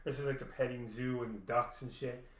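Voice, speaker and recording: A man's voice: medium pitch, fairly even intonation, fairly quick. A man telling a long profane story in a rambling, casual way, acting out the dialogue. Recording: echoey room, mic at a distance.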